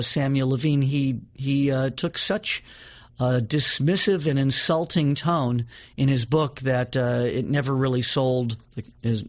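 A man hosting a religious talk show, reading a testimony aloud with dramatic emphasis, then talking casually with some fillers. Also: a little high. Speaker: radio show host.

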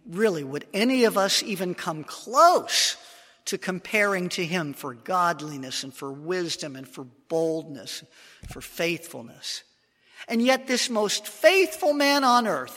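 A man preaching a sermon, reading scripture slowly and with dramatic emphasis. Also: on the high side, expressive, pushed and bright, long reverb tail.

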